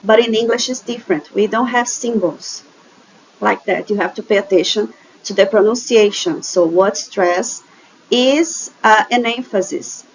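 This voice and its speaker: Woman, Brazilian Portuguese accent, English teacher, unhurried, keeps asking "okay?", dull lo-fi sound. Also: mid-range voice, slight background noise. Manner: patient, checks in with frequent "okay?". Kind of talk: recorded online lesson over slides.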